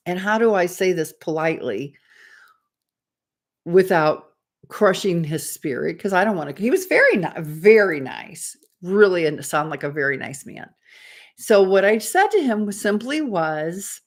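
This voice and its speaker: A woman's voice: on the low side, sing-song, unhurried. A woman in her fifties, a dating coach telling a personal story as advice in a chatty, rambling way. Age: 50s. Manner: chatty, rambling, acts out quoted dialogue.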